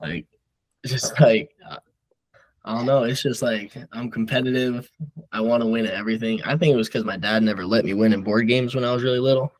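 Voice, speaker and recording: A man's voice: mid-range voice, a little fast, low-quality recording. A young man from Nebraska, a college wrestler, telling stories in casual podcast chat full of fillers. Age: young adult. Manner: rambling, filler-heavy storytelling. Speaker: guest wrestler.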